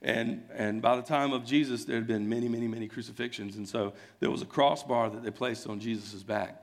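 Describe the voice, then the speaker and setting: A man's voice: medium pitch, fairly even intonation, fairly quick. A man preaching a sermon, retelling a scene in an earnest, conversational way. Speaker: pastor. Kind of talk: sermon storytelling.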